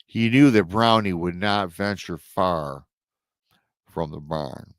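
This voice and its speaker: Deep-voiced man retelling a listener's story. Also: slow pace, dry recording, clean studio sound. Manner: dramatic retelling with emotional asides, swells and drops in volume. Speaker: host reading listener accounts. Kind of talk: storytelling podcast narration.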